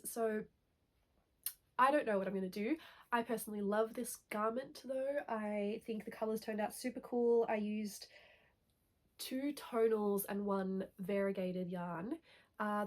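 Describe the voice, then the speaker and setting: A young woman with a congested, nasal voice from a cold, chatting casually to camera in a rambling way that keeps correcting itself. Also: medium pitch. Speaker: knitting vlogger.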